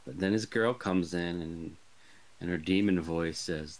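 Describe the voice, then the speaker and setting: A man's voice: low voice, moderate pace, rough recording. A man co-hosting a podcast, recapping a movie's plot casually with dry, sarcastic quips. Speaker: podcast co-host. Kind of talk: casual movie review chat.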